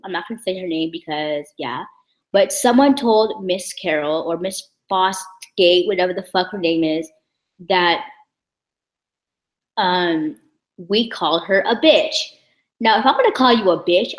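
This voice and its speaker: A woman's voice: medium pitch, echoey room, poor audio. A young woman vlogging a casual story in a blunt, heated, profane way. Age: young adult.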